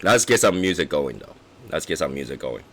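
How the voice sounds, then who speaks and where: A man with a very deep voice, roughened into hoarseness, chatting loosely as a cigar stream host. He keeps clearing his throat and restarts his sentences as he talks. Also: big pitch swings, brisk, fairly bright tone. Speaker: livestream host reviewing cigars. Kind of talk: casual rambling chat.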